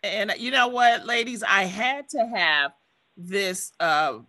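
Bright-voiced woman radio host. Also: medium pitch, slow pace. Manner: lively, expressive storytelling. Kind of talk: casual chat.

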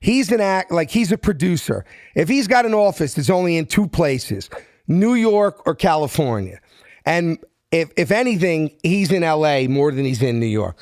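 A man's voice: a little high, sing-song, moderate pace, a little mellow, dry recording, studio quality. A middle-aged man from South Philadelphia with a Philly accent, telling a story and acting out each person in it in street-smart talk. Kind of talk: animated storytelling.

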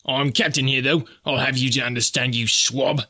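A man voicing a shrill, domineering rat-faced mutineer captain in a spoken story. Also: fairly even intonation, brisk, sharp tone. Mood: shrieking. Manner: shrieking, domineering.

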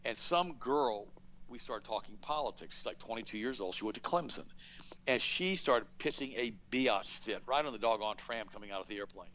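Middle-aged male talk host, blunt and animated, mid-pitched voice. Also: normal speed, rough recording. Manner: emphatic, animated, blunt storytelling with acted-out quotes. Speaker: radio show host. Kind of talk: political commentary, conversational monologue.

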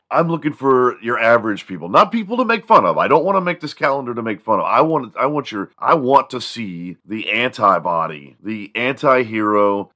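Male podcast host, very deep voice, rambling, crude and self-deprecating. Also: a bit bright. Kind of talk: casual solo monologue.

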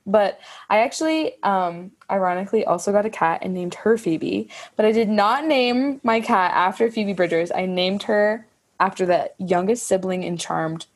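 A woman's voice: medium pitch, moderate pace. Effusive woman co-hosting a music podcast. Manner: effusive, swears, laughs often. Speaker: podcast co-host. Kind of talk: casual chat about music.

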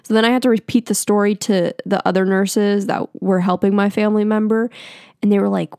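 Young woman, casual storytime, filler-heavy chatter, gravelly fry, dry close sound. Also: mid-range voice, fairly even intonation, brisk, darkish tone, no echo. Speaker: vlogger telling a personal story.

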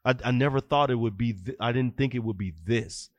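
A youth football coach in his thirties brings a brisk, mid-range voice to a casual podcast interview, telling animated stories and acting out dialogue. There is no room sound.

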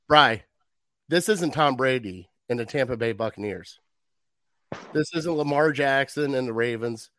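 Animated ranting man, higher voice. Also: slight background noise. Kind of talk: casual sports chat.

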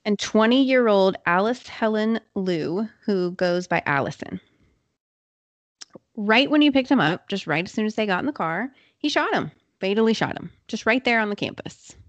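Woman, podcast host, casual true crime storytelling, chatty asides, medium pitch, dry sound. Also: expressive, no echo. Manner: chatty, quick, uses filler words.

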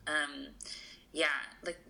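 Woman interview guest, lowish gravelly voice, earnest and full of fillers. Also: level tone, very slow, sharp tone, a little hiss or hum, poor audio. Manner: earnest, emotional, many fillers and restarts. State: tearful. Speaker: podcast guest. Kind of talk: conversational interview.

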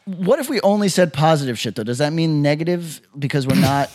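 A man's voice: a little high, lively intonation, fairly quick, darkish tone. A man co-hosting a podcast, talking in brash, profane, joking banter. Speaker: podcast co-host. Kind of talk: casual crude podcast banter.

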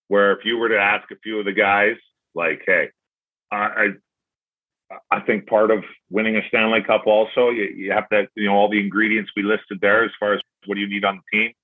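A man, a former hockey player, telling stories in casual chat as a podcast guest and acting out his own past remarks. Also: on the low side. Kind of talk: casual storytelling. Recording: tinny phone-like sound.

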